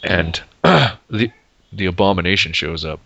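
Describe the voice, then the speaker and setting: A man's voice: low-pitched, fairly even intonation, a little slow, gravelly, bright, forceful tone, dull audio, a little hiss or hum. A man hosting a comics podcast, chatting casually and rambling, swearing and laughing as he goes. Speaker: podcast host. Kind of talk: casual chat.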